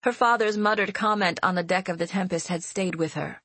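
A woman reading an audiobook novel in steady scripted narration. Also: fairly low pitch, fairly quick, breathy edge, no echo.

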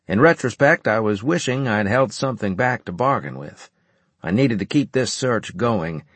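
Husky low-voiced male audiobook narrator. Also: no echo. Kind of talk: first-person scripted audiobook narration.

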